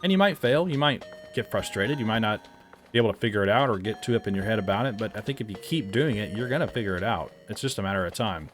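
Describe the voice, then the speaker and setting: A man with a lowish, expressive voice offers loose, rambling game-review commentary, frequently correcting himself mid-sentence. He talks fast with a somewhat bright tone, and faint music plays in the background.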